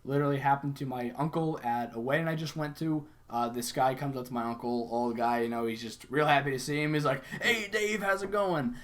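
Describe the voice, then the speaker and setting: Young guy talking sales tips, chatty and relaxed, acts out the call lines. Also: mid-range voice, fast, hardly any pauses. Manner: conversational, acts out sample phone lines. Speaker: sales coach. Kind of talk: casual instructional talk.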